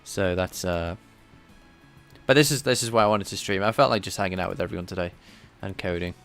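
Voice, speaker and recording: Low gravelly guy coding on a live stream, rambly and self-deprecating, faint music behind. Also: brisk, a bit bright. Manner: rambling and self-deprecating, chatting with viewers between tasks. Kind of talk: casual live coding stream, thinking aloud.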